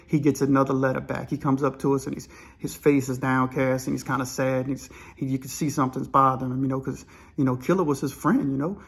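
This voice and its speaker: A man's voice: fairly high pitch, breathy edge. A man telling a prison story in casual spoken style, acting out the dialogue and dropping in "man" and "you know" as he goes. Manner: animated, acts out quoted dialogue, peppers speech with "man" and "you know". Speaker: storyteller recalling prison life.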